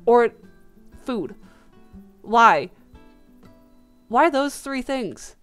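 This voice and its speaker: A woman's voice: fairly high pitch, animated, very slow, smooth, soft background music. A woman hosting a let's play, chatting casually and rambling with lots of fillers.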